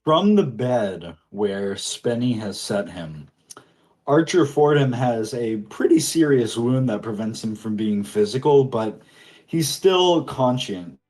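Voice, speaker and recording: A man narrating as game master of a tabletop game, lively, with loose fillers. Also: medium pitch, slow, soft background music.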